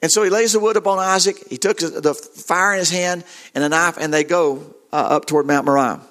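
Halting, earnest preacher man. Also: a little high, fairly bright tone. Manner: halting, repeats words, earnest storytelling. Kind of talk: sermon.

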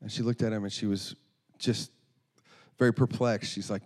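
A man's voice: on the low side, little pitch movement, normal speed, long pauses. A man preaching through a story, earnest, often restarting and repeating words. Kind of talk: storytelling sermon.

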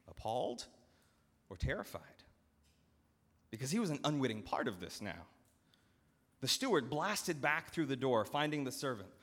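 Male pastor storytelling in a sermon, lively and dramatic, big echoey church. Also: on the low side. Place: church sanctuary. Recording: long church hall reverb.

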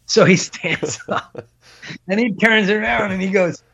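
A middle-aged man with a husky, breathy voice tells an old road story in loose, animated chat. He swears freely and laughs through the telling. The recording sounds dull and lo-fi, like a home podcast setup. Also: high voice, unhurried. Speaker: podcast guest. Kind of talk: casual storytelling.

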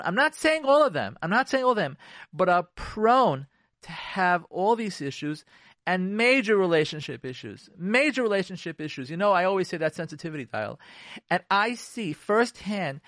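A middle-aged man talks in a fairly high voice on a radio show. He is emphatic, repeats phrases for stress and keeps turning to the listener questions. The sound is close and dry. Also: fairly bright tone, no echo. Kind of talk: animated talk on relationships, reading and commenting.

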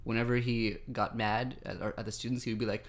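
Quick, rambling young man. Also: mid-range voice, little pitch movement. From Boston. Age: young adult. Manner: rambling, hesitant, quick-talking. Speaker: podcast guest. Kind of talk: casual chat.

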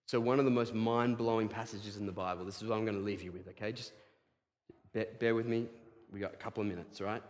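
A man with an Australian accent preaching a sermon to a congregation, swinging between loud emphatic bursts and hushed low asides, often checking in with his listeners. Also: in a large hall. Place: church hall.

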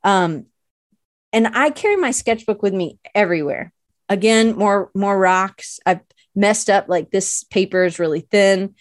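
A woman's voice: medium pitch, a little slow, dry recording, studio quality. A woman hosting a podcast in casual chat, rambling and playful, often self-deprecating, with lots of "like" fillers. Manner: rambling, chatty, many "like" fillers. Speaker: podcast host and illustration teacher.

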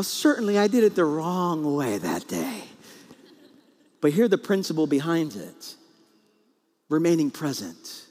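A man's voice: a little high, darkish tone. A man in his forties preaching a sermon, telling a comic story about his marriage and acting out the voices in it. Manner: storytelling with comic acted quotes. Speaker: pastor. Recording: long reverb in a large hall.

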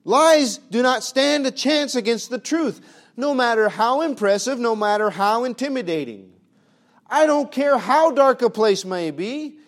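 A man preaching a sermon with emphatic rhetorical questions, swinging from booming lines to hushed ones, with a folksy turn of phrase. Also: expressive, measured pace.

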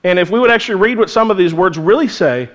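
High-voiced man preaching earnestly. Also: fast. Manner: earnest, conversational preaching with lively asides. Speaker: pastor. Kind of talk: sermon. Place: church.

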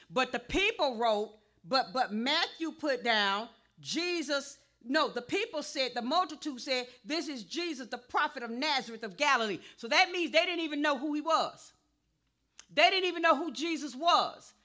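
A woman pastor preaching a sermon, calling for responses and rising to a shout. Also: high-pitched, animated, unhurried.

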